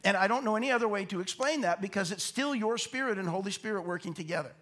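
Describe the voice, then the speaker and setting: Pastor, male, high voice, chatty verse-by-verse preaching, rhetorical questions. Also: lively intonation, quick pace, a bit bright. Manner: conversational, repeats words, asks rhetorical questions. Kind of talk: Bible teaching sermon.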